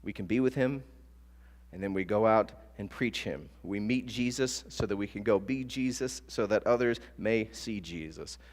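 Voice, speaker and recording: Low-voiced pastor preaching in a reverberant church. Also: male voice, moderate pace. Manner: animated storytelling with acted-out quotes. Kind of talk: sermon. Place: church sanctuary. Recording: long church reverb with soft guitar.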